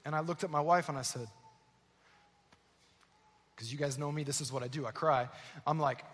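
A pastor delivers a sermon in a church auditorium, telling a story and performing the voices of its characters with mounting intensity. His voice is slightly high and fairly bright, with fairly even intonation, a normal pace, and long pauses. The large hall gives the recording a long reverb.

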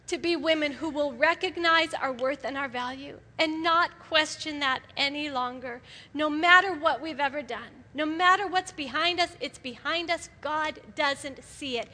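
Bright high-voiced woman preaching in a hall. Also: normal speed. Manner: animated, laughs often, acts out quoted voices. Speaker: women's ministry speaker. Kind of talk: sermon to a women's audience. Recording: live hall with long reverb.

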